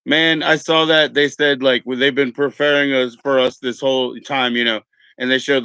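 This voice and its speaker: A man's voice: mid-range voice, flat delivery, normal speed, pushed and bright, clear, resonant tone. A man from California hosting a casual stream chat, easygoing and rambling, swearing casually as he talks. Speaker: streamer host.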